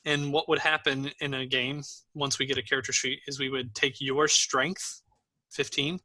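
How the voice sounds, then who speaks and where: A man narrating as game master in a tabletop role-playing session, easygoing and slowed by fillers as he learns the player names. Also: medium pitch, little pitch movement, sharp tone, no room sound, low-quality recording.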